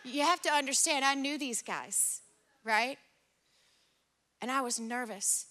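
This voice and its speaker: A middle-aged woman pastor preaching a sermon, telling a personal story with lively, acted-out dialogue. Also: high voice, a little slow. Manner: animated, acts out dialogue in stories. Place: church service.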